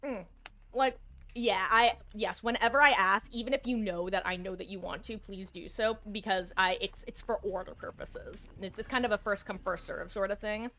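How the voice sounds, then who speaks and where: A woman streaming a game live, chatting casually with viewers, self-mocking and breaking into excited bursts. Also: medium pitch, normal speed.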